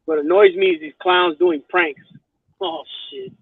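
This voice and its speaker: A man's voice: sits high, huge pitch swings, unhurried, gravelly, slightly rough, no echo. A man in casual chat, rambling and swearing, often asking whether you follow him. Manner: profane, rambling, keeps asking "you know what I mean". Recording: tinny phone line, dry.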